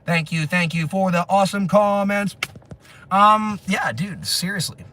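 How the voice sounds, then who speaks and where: A man rambling through a livestream while walking city streets outdoors, excitable and laughing, his voice hoarse from screaming. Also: sits high, a little slow, a little hiss or hum. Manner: excitable, laughing, shouting bursts.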